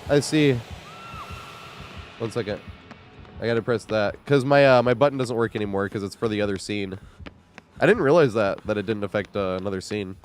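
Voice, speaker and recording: Congested man streaming, low and casual. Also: a little fast, slight background noise. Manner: loose and profane, chatting with viewers. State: congested, weak voice from a cold. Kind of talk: casual livestream chat while gaming.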